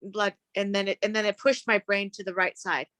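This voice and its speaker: A woman guest in casual chat whose speech has changed after a stroke, talking slowly with restarts and searches for words. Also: medium pitch, level tone, a bit bright, no echo.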